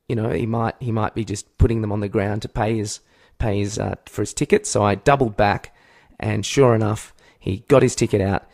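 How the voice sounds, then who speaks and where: Young Aussie male podcast co-host, low gravelly voice, animated storyteller who shouts out his own impressions. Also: a little fast. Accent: Australian. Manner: rambling animated storyteller with loud yelled impressions. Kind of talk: casual comedic chat.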